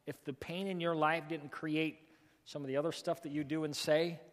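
A man's voice: fairly high pitch, little pitch movement, normal speed, big-room sound. A male pastor, preaching a folksy, emphatic sermon with lots of repetition.

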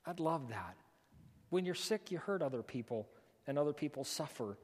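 A man's voice: on the high side, expressive, moderate pace, big-room sound. A male pastor, preaching a folksy, emphatic sermon with lots of repetition.

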